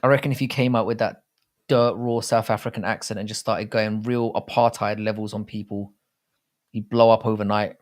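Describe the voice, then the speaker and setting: A man's voice: fairly low pitch, steady tone, normal speed. Swearing, rambling English young man. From England. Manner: rambling, swearing, reading chat aloud. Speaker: livestream host. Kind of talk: casual live chat.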